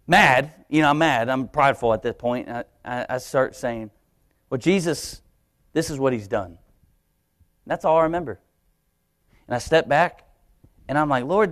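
A young adult man preaching a sermon in a church, telling a personal story with animated shifts in voice as he acts out his own thoughts. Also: mid-range voice. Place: church sanctuary, live stream.

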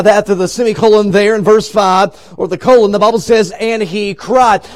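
A high-pitched male evangelist preaches a revival sermon in a church. He pushes his points hard, swinging between quiet stretches and loud ones, and calls out to the congregation for a response. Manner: preaching with rising and falling emphasis, calling on the congregation. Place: church sanctuary.

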